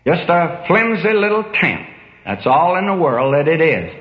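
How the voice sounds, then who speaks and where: A man's voice: on the high side, sing-song, a little slow. Older man preaching in an echoey hall. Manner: folksy, emphatic storytelling preacher. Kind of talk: sermon. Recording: dull echoey hall recording.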